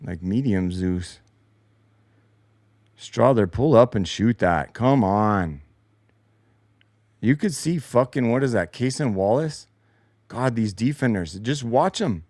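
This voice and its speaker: A man hosts a post-game replay breakdown in a lowish voice, sarcastic and frustrated, swearing freely as he reacts. His voice sits close to the mic with a dry, deadened sound. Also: expressive, slow, pauses often, darkish tone, no echo. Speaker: show host. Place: home basement.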